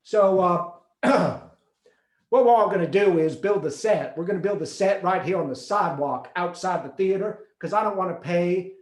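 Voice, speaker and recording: A man's voice: high-pitched, moderate pace, echoey room, close to an everyday voice. A man voicing a brash male producer who hands out jobs with lots of hesitant fillers. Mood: bossy. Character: brash male producer, a scheming urban cowboy.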